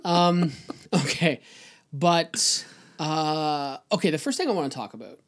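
A man's voice: on the high side, a little slow, a bit bright. A man from Canada co-hosting a podcast, bantering casually about politics with frequent swearing and jokes. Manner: profane, joking banter. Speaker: podcast co-host.

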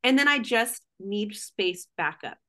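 A woman's voice: medium pitch, expressive, unhurried, pushed and bright. A middle-aged woman guest speaking candidly and emotionally in casual conversation, full of "like".

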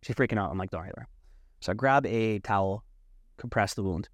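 A young man telling a story in a casual, animated way, swearing and acting out the people he quotes. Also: lowish voice, brisk, no echo, studio quality. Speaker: podcast guest.

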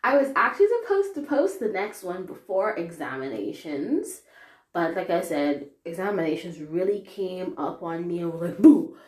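A woman's voice: fairly low pitch, normal speed. Young female podcast host, rambling casual update, recorded in an echoey room. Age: young adult. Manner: rambling, chatty and animated.

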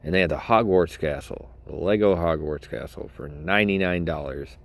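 A middle-aged man with a very low voice rambles through a solo podcast. He is crude and sarcastic and laughs at his own jokes. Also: normal speed, gravelly. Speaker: podcast host.

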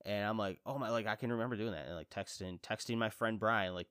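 A man in his thirties chatting on his own show, with a lowish voice and a slightly congested chest. He rambles, laughs at himself and leaps into animated reactions when he quotes himself. The sound is dry and close to the mic. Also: a little fast, few pauses, dry recording. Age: 30s. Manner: rambling, self-deprecating, lively quoted reactions. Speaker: podcast host. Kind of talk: casual chat.

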